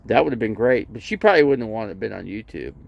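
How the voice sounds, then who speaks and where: A man's voice: lowish voice, expressive, fast talker, gravelly, dull audio. A man telling a long rambling story in casual livestream chat, full of restarts and acting out both sides of a conversation. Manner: rambling, lots of "you know" and restarts. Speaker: RV vlogger.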